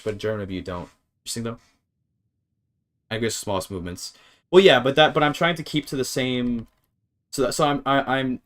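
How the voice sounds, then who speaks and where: A man streaming a game in casual talk, thinking aloud as he works through a translation, with halting restarts and tries at German words. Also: lowish voice. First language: English.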